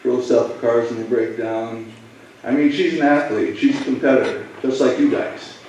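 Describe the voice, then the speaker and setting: Male police officer, mid-pitched, halting and emotional storyteller, picked up from across a big echoey room. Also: steady tone, darkish tone, distant mic, lo-fi sound, slight background noise. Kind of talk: personal story told to students.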